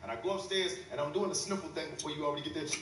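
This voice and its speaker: Fast-talking high-voiced comedian on stage. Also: male voice, far from the mic, noisy background. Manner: animated, profane, acts out voices. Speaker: stand-up comedian. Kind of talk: stand-up storytelling. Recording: roomy club sound with music.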